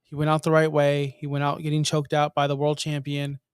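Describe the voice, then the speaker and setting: Blunt, smooth-voiced man on a video call. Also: on the high side, completely flat delivery, brisk, no room sound, studio quality. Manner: blunt and dismissive. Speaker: podcast co-host. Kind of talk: casual wrestling talk over a video call.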